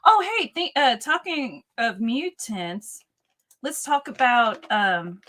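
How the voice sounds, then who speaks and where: A woman's voice: on the high side, big pitch swings, takes it slowly, fairly bright tone. A woman co-hosting a live chat show, chatting and reading out viewer questions. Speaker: co-host.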